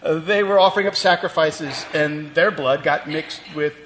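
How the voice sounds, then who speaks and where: A man's voice: fairly high pitch, normal speed, a bit bright. Man preaching in a reverberant hall. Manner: conversational preaching with fillers and restarts. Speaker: pastor. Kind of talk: sermon. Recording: long reverb, faint ambient noise.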